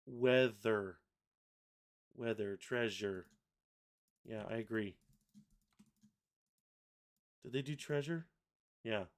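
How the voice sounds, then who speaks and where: A man hosting a live software tutorial, thinking aloud and correcting himself as he works. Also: fairly low pitch, a little slow. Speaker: software livestream host. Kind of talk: casual live software demo.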